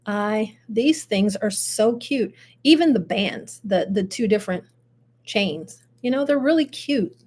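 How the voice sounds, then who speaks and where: An older woman hosting a casual live chat show, chatty and animated with frequent laughs. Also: medium pitch, measured pace. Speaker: host.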